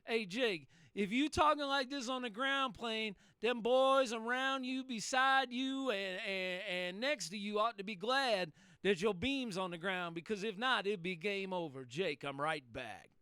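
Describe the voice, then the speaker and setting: A man's voice: high-pitched, unhurried, hardly any pauses, bright, forceful tone, clear, resonant tone, no echo, studio quality. A man chatting over CB radio in a folksy, salty way, repeating himself. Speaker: CB radio operator. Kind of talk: CB radio chat.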